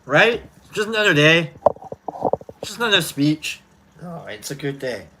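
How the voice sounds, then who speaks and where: A man hosting his own show in a casual chat, rambling loosely and sighing out loud between remarks. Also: on the high side, big pitch swings, a little slow, slight background noise, low-quality recording. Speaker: host.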